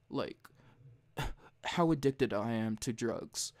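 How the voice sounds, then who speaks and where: A young man hosting a casual late-night podcast, retelling a story in a profane, heated way. He jumps high and loud when he imitates himself. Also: slow pace. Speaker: podcast host.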